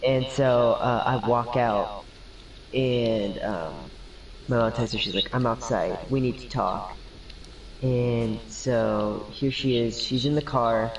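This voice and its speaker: A man's voice: mid-range voice, steady tone, slow, recorded from a distance, a little hiss or hum, rough recording. A young man telling a rambling story over voice chat while gaming, laughing often and acting out the lines of the people in it.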